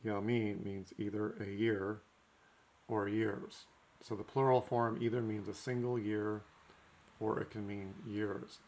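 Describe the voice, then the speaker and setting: A man's voice: fairly low pitch, steady tone, takes it slowly, darkish tone. A man giving a recorded language lesson, working through notes methodically and marking each step with "okay". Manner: methodical, frequent "okay" between points. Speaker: teacher.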